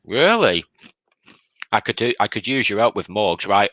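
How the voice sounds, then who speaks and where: A man's voice: on the low side, expressive, measured pace, pauses often, bright, forceful tone, dry recording. A young man hosting a casual voice call, talking in a bossy, teasing way. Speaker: host of a story call. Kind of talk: casual chat over a voice call.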